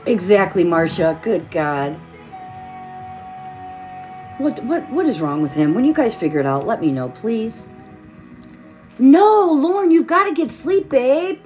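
A woman's voice: mid-range voice, very animated, unhurried, darkish tone, faint music behind. A tired woman hosting a live stream, chatting casually while she crafts and greeting viewers by name with pet names.

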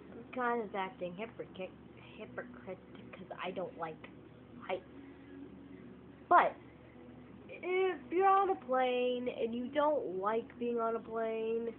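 A woman vlogging a casual, exasperated opinion rant to her phone camera, repeating herself for emphasis. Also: a little high. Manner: animated, exasperated, emphatic repetition. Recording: tinny lo-fi phone audio with faint noise.

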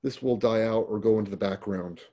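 A middle-aged man speaking as a paramedic guest. His voice sits a bit low and sounds husky, with a dark, mellow tone. He tells his stories plainly and often restarts or repeats words as he goes. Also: brisk. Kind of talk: conversational storytelling.

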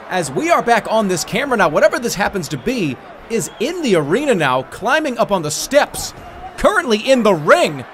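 A man doing excited mock sports commentary as a streamer, shouting like an announcer. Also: high-pitched.

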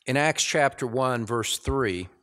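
A man with an American accent preaching a sermon as pastor, deliberate and emphatic, building in intensity. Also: mid-range voice, animated, fairly bright tone.

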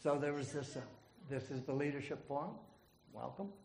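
A man moderating a leadership forum, telling a joke in a folksy way and introducing the next speaker, clearing his throat often. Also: a little high, brisk, a little mellow. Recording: echoey room with faint noise.

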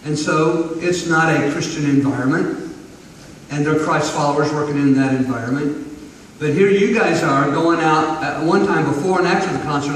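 A man's voice: fairly high pitch, far from the mic, a little hiss or hum. A man hosting an interview, affirming and reflective, recorded from afar in a large hall.

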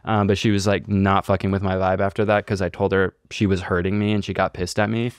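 A man's voice: sits low, flat delivery, fast, smooth, dry recording, studio quality. A man casually telling a long, rambling story on a podcast, swearing and using lots of filler words. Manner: rambling, profane, filler-heavy delivery. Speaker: podcast co-host.

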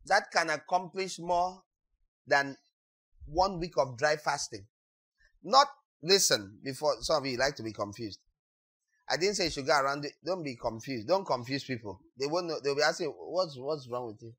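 A man preaching a sermon as pastor, acting out quotes and breaking into sudden shouts. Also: on the high side, expressive, normal speed.

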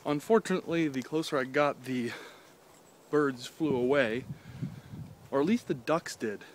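A man's voice: medium pitch, unhurried, slight background noise. A young man, rambling and joking as he walks outdoors by a golf course pond, filming on his phone. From Canada. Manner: rambling, joking, swears casually. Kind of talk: casual walking vlog. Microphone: handheld phone.

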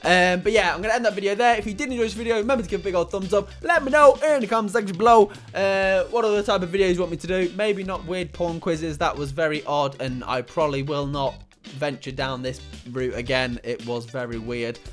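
An excitable man with a fairly high voice chats through an online quiz on his own channel. He rambles, swears casually and laughs at his own jokes, with faint music playing behind him. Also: fairly quick. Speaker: YouTuber.

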